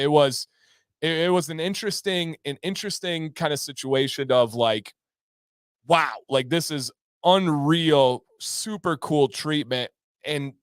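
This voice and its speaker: Male livestream host, casual and excited, clean dry sound. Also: mid-range voice, smooth, no echo. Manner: enthusiastic, reads out viewer names.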